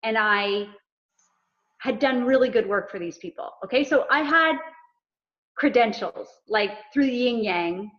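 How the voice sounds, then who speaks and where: A woman's voice: on the high side, measured pace. A woman, an executive coach, talking in a casual interview and telling stories with acted-out dialogue. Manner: animated storyteller acting out dialogue. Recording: dull lo-fi sound.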